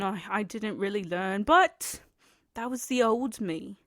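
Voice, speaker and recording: A woman's voice: medium pitch, moderate pace, a bit bright, dry recording, studio quality. A young woman in her twenties hosting her own podcast, chatting alone in a rambling, upbeat way that often breaks into laughter. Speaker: podcast host. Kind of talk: casual solo chat.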